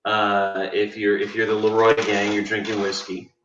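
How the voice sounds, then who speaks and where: A man's voice: on the low side, completely flat delivery, noisy background. A man explaining in a casual livestream chat, stumbling and repeating words. The sound is echoey and muffled, as if he is picked up from across a room. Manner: halting, repeats words, chuckles. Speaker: game designer co-host. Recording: distant roomy lo-fi mic.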